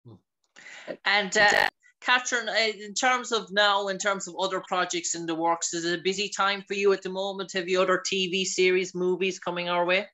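A man from Ireland, a radio host, asking interview questions slowly and hesitantly, with many fillers. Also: high-pitched, level tone, pushed and bright.

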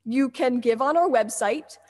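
High-voiced woman in a reverberant sanctuary. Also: a little slow, darkish tone. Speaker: offering announcer at church. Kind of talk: read church announcement. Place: church sanctuary.

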